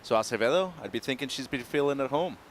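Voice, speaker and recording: Relaxed man giving surf analysis. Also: medium pitch, quick pace, slight background noise. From Mexico. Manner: relaxed, explanatory, friendly. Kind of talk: live sports commentary.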